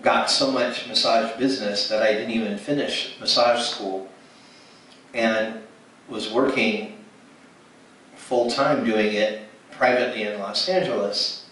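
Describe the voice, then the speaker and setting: A man's voice: fairly low pitch, fairly even intonation, unhurried, long pauses, a bit bright. A man giving a spoken testimony at a ministry gathering, storytelling with many restarts and acted-out dialogue. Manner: storytelling, acts out quoted dialogue with frequent restarts. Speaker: speaker at ministry event. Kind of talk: testimony sermon. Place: church hall. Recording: echoey hall from far off, faint noise.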